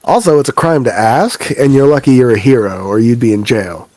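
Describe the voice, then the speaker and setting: A man's voice: medium pitch, fairly quick, darkish tone, dry recording. A man running a tabletop game as game master, joking and swearing, narrating what characters do. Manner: profane, joking, exasperated rants.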